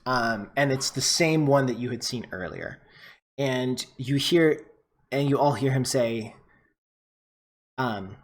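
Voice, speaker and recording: A man's voice: medium pitch, slow pace, pauses often. A man narrating as game master of a tabletop game, casual and full of fillers.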